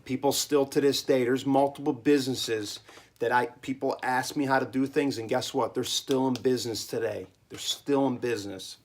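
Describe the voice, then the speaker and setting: A man's voice: mid-range voice, fairly even intonation, normal speed, slight background noise. A man, a small business owner, gives rambling, emphatic advice in a casual vlog monologue from his home cellar, often checking in with listeners.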